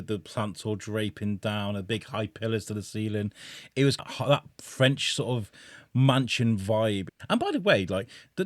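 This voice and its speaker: A man's voice: fairly low pitch, dry recording, studio quality. A man, a podcast guest, tells a funny personal story with bursts of laughter. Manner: animated, laughing while telling a story.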